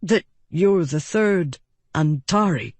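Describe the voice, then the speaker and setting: Woman doing a shy earnest young man, gentle, low, slow, dry. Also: animated, dry recording, heavily acted. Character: earnest, bashful young male guard.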